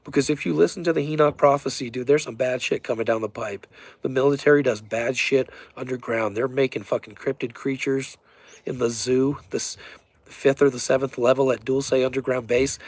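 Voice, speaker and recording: A man talks to his camera in a loose, rambling monologue, cursing freely and growing excitable as he spins conspiracy talk. His voice has a gravelly edge and a husky grain. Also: medium pitch, brisk, no room sound. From Colorado, USA. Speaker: vlogger.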